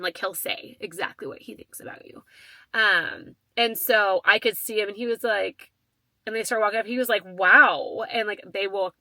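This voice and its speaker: A woman in her thirties hosting a podcast, telling a personal story in a casual, animated way with lots of fillers and quoted back-and-forth. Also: fairly high pitch, no echo. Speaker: podcast host.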